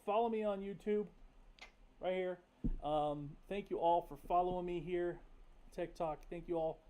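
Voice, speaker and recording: A young man hosts a casual livestream, talking candidly and swearing freely as he rambles through stories full of fillers. His voice sits high yet sounds mellow and warm. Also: fairly even intonation, unhurried. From North Carolina. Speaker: livestream host.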